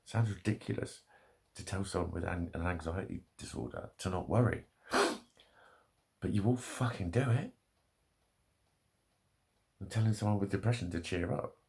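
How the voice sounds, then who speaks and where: Low gravelly man, sweary rant. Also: normal speed, pauses often, a little mellow. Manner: heavy swearing, angry ranting. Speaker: vlogger. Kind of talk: ranting monologue.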